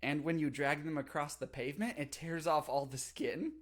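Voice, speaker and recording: A young man on a casual livestream, telling a story with animated delivery, big pitch jumps and laughter. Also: normal speed. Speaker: streamer.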